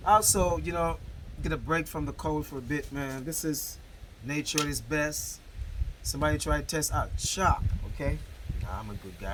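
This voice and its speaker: A man's voice: mid-range voice, background noise. A man vlogging casually outdoors in the countryside, laid-back and chatty, talking straight to his viewers. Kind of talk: casual chat to camera.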